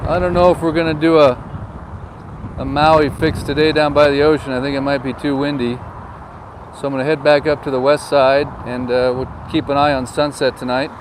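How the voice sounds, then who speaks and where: Here a real estate agent vlogger films himself on a phone while driving, giving casual tour commentary full of jokes and anecdotes. His fairly high voice has a flat delivery at normal speed. Wind and traffic noise run through this windy outdoor recording.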